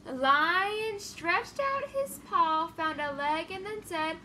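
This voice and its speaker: A young woman reading a rhyming children's picture book aloud, expressive and singsong. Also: very high voice, takes it slowly, hardly any pauses, far from the mic, a little hiss or hum. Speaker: children's story reader.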